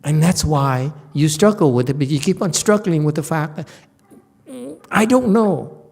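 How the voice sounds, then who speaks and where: A man's voice: on the high side, a little fast, a little mellow. A male Buddhist teacher giving an informal Dharma lecture in a meditation center hall, speaking bluntly and scolding, repeating words for emphasis.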